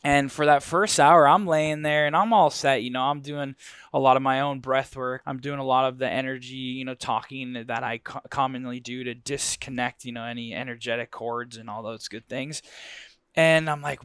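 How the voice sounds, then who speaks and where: A man with a smooth, resonant voice of middling pitch tells a personal story with lively energy, peppering it with casual fillers. He sounds close and dry on the mic, with no room around him. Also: moderate pace, no echo.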